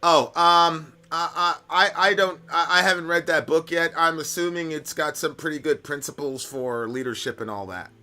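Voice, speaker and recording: A man's voice: fairly high pitch, normal speed, hardly any pauses, sharp tone. A man hosting a live stream, answering viewer questions in a casual, conversational storytelling manner, often checking in with "right?".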